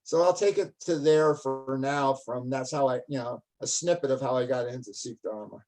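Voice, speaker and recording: An older man, a guest, telling a story in an animated, casual way and laughing often. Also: mid-range voice, normal speed, rough recording.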